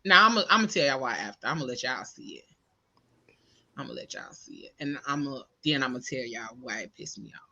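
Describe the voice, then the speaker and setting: A woman co-hosting a casual chat, animated and slangy, repeating herself as she builds up a point. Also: very deep voice, fairly quick, muffled recording. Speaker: podcast co-host.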